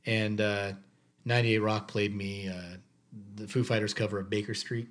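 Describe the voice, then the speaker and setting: A man's voice: fairly low pitch, normal speed. Easygoing male podcast co-host. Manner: relaxed, anecdotal. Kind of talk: casual chat.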